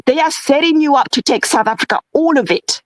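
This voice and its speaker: A woman's voice: sits high, animated, brisk, no room sound, low-quality recording. A woman in an impassioned discussion, talking fervently, asking rhetorical questions and lecturing her listeners. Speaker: guest.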